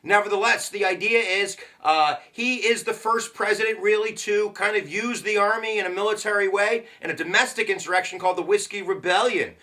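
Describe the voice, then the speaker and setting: A man teaching a casual history lesson, joking and slangy with quick asides. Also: sits high. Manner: jokey, slangy and animated, with sudden asides.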